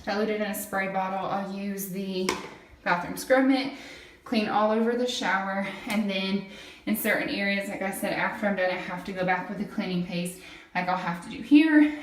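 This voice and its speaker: Recorded from a distance in an echoey tiled bathroom, a woman speaks at medium pitch with a little hiss or hum in the audio. She's demonstrating a product at home, casually chatting and explaining as she scrubs, while the camera stays set back from her.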